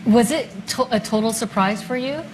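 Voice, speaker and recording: A woman's voice: fairly high pitch, moderate pace, a little mellow, a little hiss or hum, rough recording. A woman interviewing a guest, asking curious questions and laughing along.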